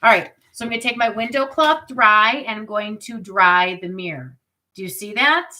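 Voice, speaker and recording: Upbeat woman in her 40s doing a live webcam demo, bright tense voice, keeps talking to her viewers. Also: medium pitch, normal speed, poor audio. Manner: chatty and upbeat, with asides to viewers. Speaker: product party host.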